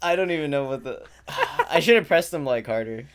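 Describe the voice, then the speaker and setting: A young man co-hosting a podcast, telling an animated, profane story full of fillers in casual chat. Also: fairly high pitch, normal speed, clear, resonant tone. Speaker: podcast co-host.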